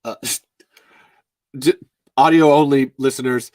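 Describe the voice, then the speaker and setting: Excitable rambling podcast host. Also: male voice, mid-range voice, measured pace, no room sound. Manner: rambling, excitable, laughing often. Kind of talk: casual chat reading listener messages.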